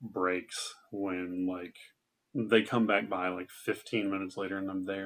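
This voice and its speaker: A man's voice: low voice, level tone, unhurried, a bit bright. A man doing a stand-up set, telling a loose, rambling retail story full of fillers. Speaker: stand-up comedian.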